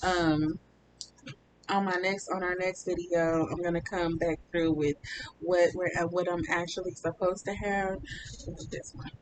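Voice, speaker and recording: A woman vlogger chatting casually to her viewers about her recovery, with lots of um's and y'all's. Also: measured pace. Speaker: vlogger documenting her weight-loss surgery recovery. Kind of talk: casual chat to camera. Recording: steady rumbling background noise.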